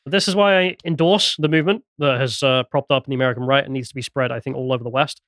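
A man co-hosting a podcast, making wry, deadpan remarks in casual talk. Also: medium pitch, racing, no room sound, studio quality. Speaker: podcast co-host. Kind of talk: casual political discussion.

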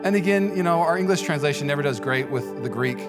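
A man's voice: fairly high pitch, expressive, fast, loud music behind the voice. A man preaching a sermon as pastor in a church, talking conversationally with frequent "okay?" asides. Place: church sanctuary.

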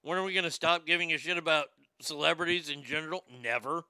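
Brief: middle-aged male host, high-pitched and gravelly, profane comic ranting. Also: quick pace, dry recording. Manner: loud, profane, animated, repeats himself. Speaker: show host. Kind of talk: profane comedic rant and show segment.

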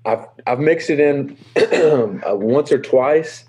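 A young man, a baseball player answering interview questions in a halting, easygoing way full of fillers. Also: mid-range voice, darkish tone, rough recording. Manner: halting, lots of fillers and restarts.

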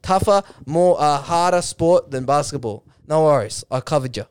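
A young Australian man co-hosting a podcast in casual chat, swearing freely and breaking into excited, shouted rants. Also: on the high side, normal speed, clear, resonant tone. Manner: profane, excitable, ranting with bursts of shouting. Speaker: podcast co-host.

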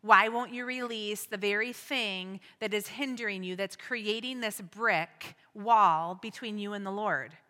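A woman's voice: medium pitch, unhurried, few pauses, sharp tone, big-room sound. A woman teaching at a women's ministry meeting, earnest and exhorting, full of rhetorical questions. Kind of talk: church teaching talk.

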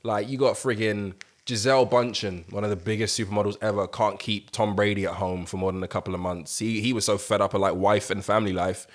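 Co-host: young man, a bit low, animated and sweary in casual chat. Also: quick pace, hardly any pauses. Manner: animated, swears freely, rising to loud outbursts. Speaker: podcast co-host.

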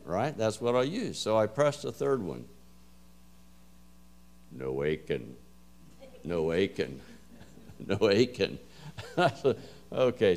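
A man preaching a Bible lesson in a folksy, conversational way, with frequent fillers and relaxed storytelling. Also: mid-range voice. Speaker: preacher teaching a Bible class. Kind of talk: sermon.

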